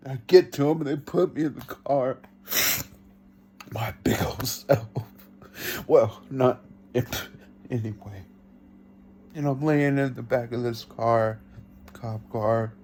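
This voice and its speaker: A man giving an earnest first-person testimony, telling it slowly and reenacting his own pleas. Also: medium pitch, animated, breathy edge. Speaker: vlogger.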